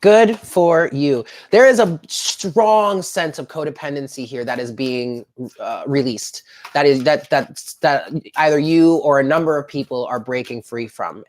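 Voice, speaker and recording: A woman giving a chatty live tarot reading, talking straight to her viewers in an upbeat way. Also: very deep voice. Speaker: tarot reader.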